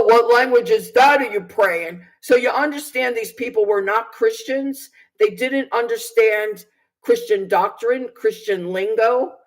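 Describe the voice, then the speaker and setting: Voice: mid-range voice, poor audio. A Bible teacher on a video channel telling a personal testimony, indignant and hesitant, with many fillers and restarts. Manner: aggrieved, indignant.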